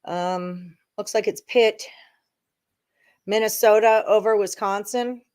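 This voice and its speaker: A woman's voice: mid-range voice, steady tone, takes it slowly, a little mellow, clear, resonant tone. A woman hosting a live sports betting stream, chatting casually and thinking aloud to her viewers as she goes through picks. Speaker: sports betting show host.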